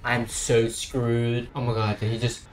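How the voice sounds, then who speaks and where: A young man commentating a horror game he is playing, swearing and swinging between hushed muttering and frantic outbursts. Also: medium pitch, monotone, unhurried, a little hiss or hum. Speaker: gaming channel host.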